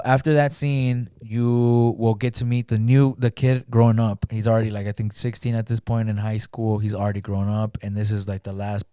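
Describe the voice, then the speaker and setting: A man's voice: fairly low pitch, dark tone, dry recording, studio quality. A man in a casual podcast chat retelling a film plot, rambling with lots of "like" and acting out the characters' lines. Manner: rambling, heavy use of "like", acts out quotes. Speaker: podcast guest.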